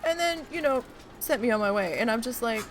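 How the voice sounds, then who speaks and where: A woman streamer telling a story in a casual, animated, exasperated way, with lots of swearing, while she plays a park-building game. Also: on the high side, fairly quick, background noise.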